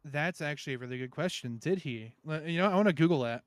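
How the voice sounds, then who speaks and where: A man's voice: fairly high pitch, animated, quick pace, dry recording. A man co-hosting a podcast in casual chat, sarcastic and given to mock-serious rants. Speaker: podcast co-host.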